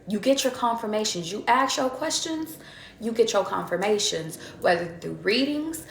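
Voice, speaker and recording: A woman's voice: mid-range voice, lively intonation, normal speed, creaky. A young woman tarot reader talking casually to her viewers, chatty and swearing freely. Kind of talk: casual spiritual talk to viewers. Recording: echoey room.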